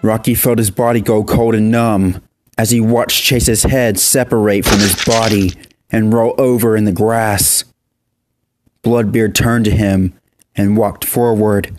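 A man narrating a horror story in a steady, even scripted reading. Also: lowish voice, measured pace.

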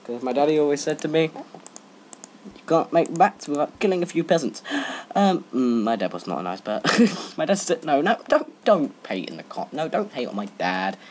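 Teen boy gamer, jokey rambling commentary, lively swoopy pitch, sudden yelps, faint typing behind. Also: brisk, hardly any pauses, slight background noise. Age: teens. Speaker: let's play gamer. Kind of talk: gaming commentary.

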